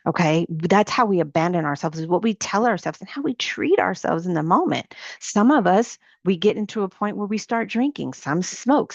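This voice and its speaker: A middle-aged woman ministry coach giving an informal sermon to women, animated and building through repeated questions. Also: mid-range voice, no room sound, lo-fi sound.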